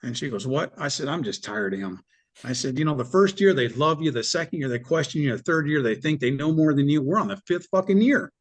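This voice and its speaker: Middle-aged man guest, blunt, animated storyteller with a somewhat high pitch. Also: brisk. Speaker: business owner guest. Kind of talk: candid storytelling interview.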